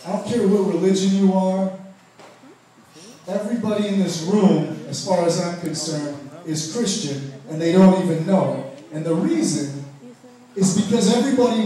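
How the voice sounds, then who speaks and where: High-voiced guy doing dirty standup, really echoey club recording from way back in the room. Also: dark tone. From Ohio. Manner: crude, profane punchlines with mocking voices. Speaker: stand-up comedian. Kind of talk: stand-up set. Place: comedy club stage. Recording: very echoey club audio from far off.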